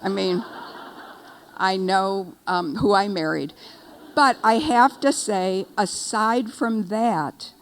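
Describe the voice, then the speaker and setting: Older woman, keynote speaker, humorous storytelling, wry and animated, medium voice. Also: medium pitch, slow. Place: event stage.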